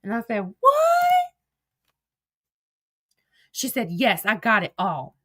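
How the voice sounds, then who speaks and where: A woman's voice: mid-range voice, animated, moderate pace, pushed and bright, slightly rough. A woman casually retelling a text conversation, reading each message aloud as "I said, she said" and swearing freely. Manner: swears freely, blunt and exasperated. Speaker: vlogger retelling online drama.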